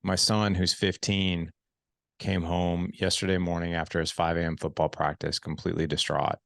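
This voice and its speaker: A podcast host in his forties talks earnestly and reflectively, stumbling over and repeating words as his thoughts form. His voice sits very low with a gravelly, fry-edged texture. The sound is close and dry, with almost no room around it. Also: flat delivery, moderate pace, a bit bright, no echo. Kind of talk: podcast conversation.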